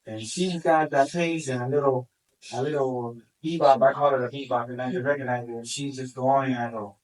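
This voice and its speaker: A man who handles a search dog tells the story at a community meeting, excitedly acting out what he said. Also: mid-range voice, brisk. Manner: excited, acts out his own quoted remarks. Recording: distant from the mic.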